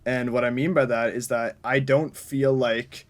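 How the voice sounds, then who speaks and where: A man's voice: mid-range voice, fairly even intonation, measured pace. A man co-hosting a casual film review podcast, carefully laying out his reading of a scene. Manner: analytical, explains his point carefully. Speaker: podcast co-host.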